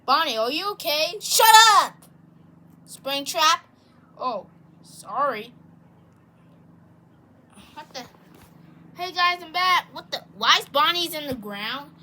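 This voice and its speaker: A woman performing every part in a homemade toy skit, talking in an excitable, rambling way with many restarts. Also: high voice, moderate pace. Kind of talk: plush toy skit, one person doing all voices.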